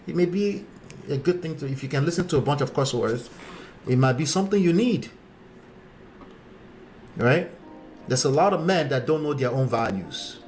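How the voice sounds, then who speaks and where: A man's voice: a little high, lively intonation, moderate pace, pauses often, darkish tone, soft background music. A man who hosts a relationship-coaching live stream. He talks bluntly and lectures, reading out viewer comments and speaking straight to the men watching.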